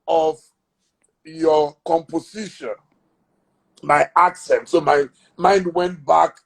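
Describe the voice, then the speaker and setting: A man leads a relaxed live-stream conversation, chatty and ready with an anecdote. His voice sits high for a man and carries a gravelly rasp. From Nigeria. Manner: chatty, tells a joke with a chuckle. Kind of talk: casual live chat.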